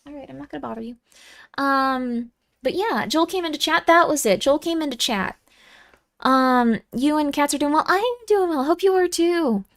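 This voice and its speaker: A woman's voice: high voice, lively intonation, normal speed, a bit bright. A young woman streaming and chatting casually with viewers, giggly and easily moved, with lots of fillers.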